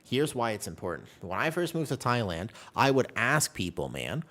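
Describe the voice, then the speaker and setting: A man chatting casually with his viewers while streaming a game, telling stories in an animated way. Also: mid-range voice, moderate pace.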